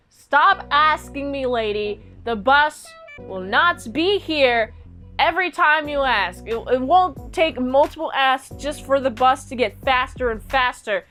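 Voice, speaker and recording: A woman voicing an irritable male bus ticket clerk who scolds in a loud, aggressive way. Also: high-pitched, expressive, measured pace, soft background music, heavily acted. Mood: annoyed.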